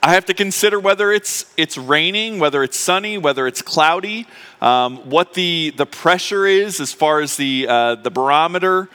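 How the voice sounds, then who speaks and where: With lively intonation and a moderate pace, this man's slightly high voice is bright, forceful, clear, and resonant, ringing with big-room sound. As pastor, he preaches in the church sanctuary while recovering from appendix surgery, chatty and emotional with many fillers and restarts.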